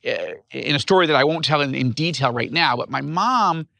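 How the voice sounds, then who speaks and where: Gravelly, bright-voiced man telling his story. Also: a little high, fairly quick, no echo, studio quality. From upstate New York. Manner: animated storyteller. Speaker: guest author. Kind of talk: personal storytelling in interview.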